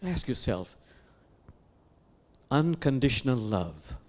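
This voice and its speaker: A man leading a sermon as imam, speaking in an animated way with repeated phrases and questions to the listeners. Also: medium pitch, slow pace. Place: sanctuary.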